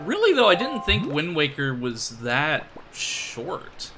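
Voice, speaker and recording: A man chatting through a game stream in a loose, rambling way, quick to laugh at himself. His voice sits a little high for a man. Game music plays clearly underneath. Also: huge pitch swings. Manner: rambling, self-deprecating, laughs often. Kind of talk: casual let's-play commentary.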